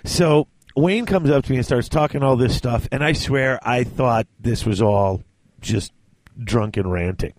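A man hosts a casual chat, telling a long story in an animated way and acting out what other people said. His voice is mid-range and a little slow. Slight background noise can be heard.

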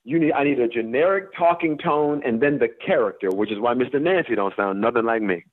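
A man from the American Deep South speaks over a thin, tinny phone-like line, his voice sitting in a middle register. He talks with blunt emphasis and cusses freely. He laughs through his points as he tells stories. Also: expressive, fairly quick, no room sound. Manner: emphatic, profane, laughs while making points. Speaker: actor guest. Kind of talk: candid interview conversation.

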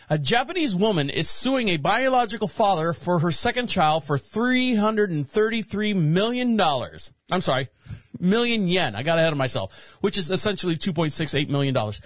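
A man's voice: high voice, big pitch swings, fairly quick, a bit bright, no room sound. A man hosting a show, reading news headlines and rambling jokingly about them in casual commentary. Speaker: show host.

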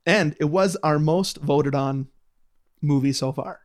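A man co-hosting a casual podcast chat, joking with quick asides and laughing often. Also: on the high side. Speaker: podcast co-host.

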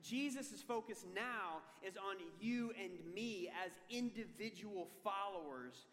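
Bright, high-voiced male pastor preaching. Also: unhurried. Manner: animated storytelling, self-deprecating humor. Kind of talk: sermon. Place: large church hall. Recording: long hall reverb.

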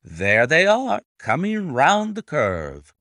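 A man reads a cool, self-assured detective in a storybook reading, speaking with unhurried composure. The voice is dry and close, with a lively lilt in the phrasing. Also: medium pitch, vocal fry, no room sound, full character voice. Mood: pleased. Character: calm, imperturbable male detective, middle-aged.

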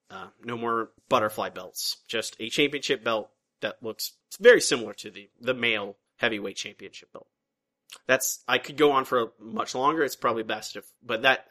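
Podcast co-host, male, bright tone, rambling casual delivery with frequent restarts. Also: medium pitch. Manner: rambling, restarts sentences, recaps at length. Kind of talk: casual chat.

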